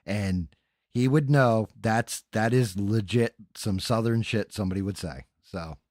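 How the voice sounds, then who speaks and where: A man's voice: fairly low pitch, a little slow, darkish tone, dry recording. Guy hosting a stream, swears a lot, loose joking banter, dry close mic. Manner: loose, profane banter with the live chat. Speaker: podcast host. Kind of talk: casual livestream chat.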